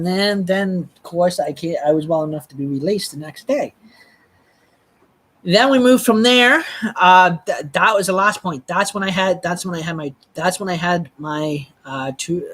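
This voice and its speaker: A live streamer telling a personal story in a rambling, halting way, with frequent restarts and blunt swearing. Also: medium pitch, fairly bright tone, breathy edge.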